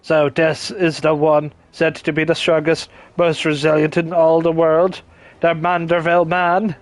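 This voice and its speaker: A man voicing a scheming male villain doctor in a flat, robotic delivery while reading game dialogue aloud. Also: fairly high pitch, a little slow, dry recording, lightly acted. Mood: gloating.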